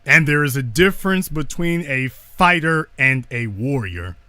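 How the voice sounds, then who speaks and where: A man giving a slow, deliberate lecture, speaking emphatically and repeating his key lines. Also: medium pitch, animated, pushed and bright, dry recording.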